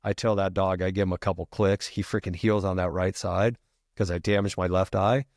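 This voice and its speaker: A middle-aged retired firefighter telling a long story as a podcast guest, casual and profane, peppering every sentence with "freaking". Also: male voice, low voice, fairly even intonation, brisk, darkish tone, no room sound, clean studio sound.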